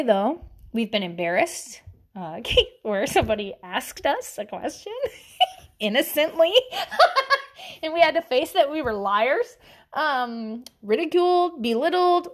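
A woman in her thirties with a Southern US accent, telling stories in a rambling casual chat with lots of fillers and frequent laughter. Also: high-pitched.

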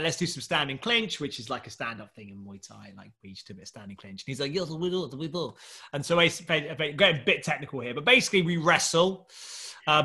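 A man, a startup founder, telling a long anecdote in casual chat, laughing often and doing voices for the people in it. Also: on the high side. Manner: animated storyteller who laughs often and does voices.

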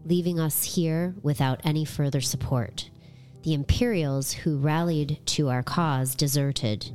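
A woman voicing an adventurer, reading the character's backstory in a plain, steady way. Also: sits low, natural voice. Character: adult adventurer recounting a war.

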